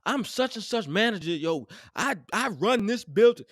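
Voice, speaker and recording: Man doing a bossy male manager, indignant, commanding, high raised voice, dry sound. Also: lively intonation, moderate pace, no room sound.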